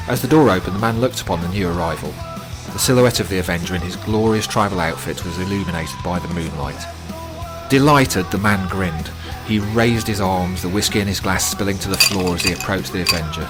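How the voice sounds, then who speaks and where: A man reading a horror audiobook in a dramatic, measured way. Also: low-pitched. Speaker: narrator. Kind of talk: scripted horror story narration. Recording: narration with loud music bed.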